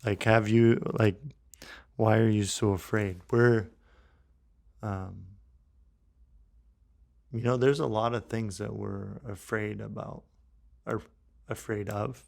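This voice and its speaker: A low-pitched man with a gravelly, fry-touched voice co-hosts a casual faith podcast. He speaks slowly and thinks aloud, circling back and restarting his sentences as he reflects. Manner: thinks aloud with many restarts and fillers, animated when acting out quotes. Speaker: podcast co-host.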